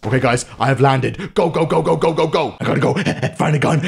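A young man giving excitable let's-play commentary on a game, talking straight to his viewers and yelling in triumph or panic. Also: mid-range voice, normal speed, vocal fry, few pauses, husky. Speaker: gaming YouTuber.

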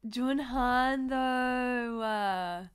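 A woman hosting a reaction video, talking in a casual, gushing way with loud excited exclamations. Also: fairly high pitch, drawn-out words, clean tone.

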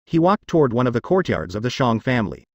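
A man reads a fantasy novel aloud as scripted narration, even and unhurried. His pitch rises and falls freely, and the sound is close and dry. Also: no echo. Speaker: audiobook narrator.

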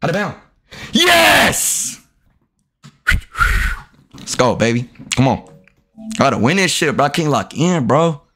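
Young male streamer, profane and riled up, pitch swinging wide. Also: animated, fairly quick, husky. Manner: profane, trash-talking, riled up. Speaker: gaming streamer. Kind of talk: live game commentary with chat.

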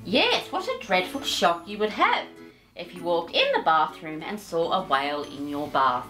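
A woman's voice: fairly low pitch, sing-song, moderate pace, sharp tone, faint music behind. A woman storyteller reading a picture book aloud, doting and chatty, fussing over her pet between pages. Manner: doting, sing-song and chatty.

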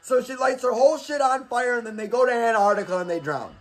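A man's voice: extremely high pitch, fast talker, soft background music. A man hosting movie recommendations in a casual, profane, rambling comic rant, acting out scenes as he goes. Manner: rambling, swears a lot, acts out scenes.

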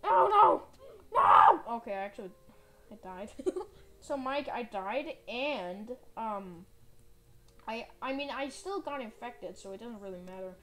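A woman giving excitable, melodramatic let's-play commentary while calling out to a teammate. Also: on the high side, unhurried, a little hiss or hum. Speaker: gaming channel host.

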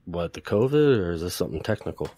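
A man's voice: low voice, big pitch swings, quick pace, dark tone, no echo. A man co-hosting a casual podcast chat, swearing often and laughing between lines. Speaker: podcast co-host.

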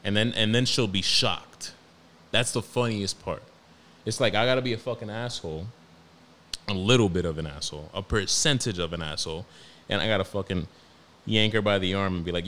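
A young man with a New York accent, hosting a podcast and telling stories about his toddler in a profane, animated, slangy way. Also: on the low side, moderate pace, slight background noise. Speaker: podcast host. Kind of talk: casual storytelling monologue.

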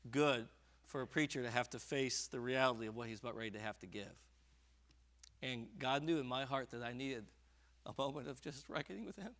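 High-voiced, bright preaching man. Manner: swings between quiet personal confession and loud fervent preaching. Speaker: pastor. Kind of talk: sermon. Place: church sanctuary.

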